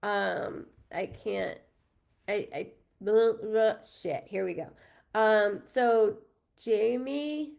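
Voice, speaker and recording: A woman hosting a live medium stream, talking casually to her viewers and thanking them one by one. Her voice is strongly gravelly with constant fry, and she speaks slowly, filling pauses with ums. She drops a swear word here and there. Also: medium pitch, darkish tone. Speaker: medium doing live readings. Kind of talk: casual livestream chat with viewers.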